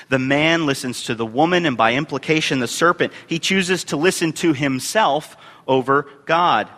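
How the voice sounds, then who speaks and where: A man preaching a sermon as a youth and family minister, reading scripture in measured phrases with emphatic rises. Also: on the high side, sharp tone. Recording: long hall reverb.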